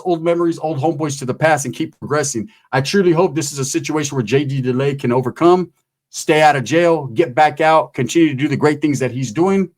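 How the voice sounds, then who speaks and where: A man giving casual vlog commentary in streetwise, slang-heavy talk, swearing freely. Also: medium pitch. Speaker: channel commentator.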